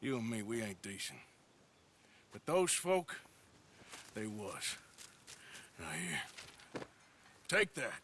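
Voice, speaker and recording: An actor playing a gruff, weary outlaw in a video game, speaking with a gravelly drawl. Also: male voice, lowish voice, big pitch swings, slow pace, long pauses, sharp tone, a little hiss or hum, exaggerated voice. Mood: contemptuous. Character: gruff weary male outlaw, blunt and hard.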